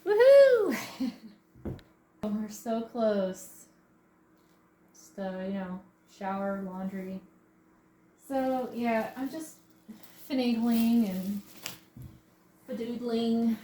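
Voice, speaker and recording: A woman's voice: a little high, fairly even intonation, extremely slow, long pauses, warm tone, a little hiss or hum. A woman vlogging casually from her camper, talking to herself in a candid, chatty way about cleaning and a road trip. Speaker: van-life vlogger. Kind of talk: casual vlog chat.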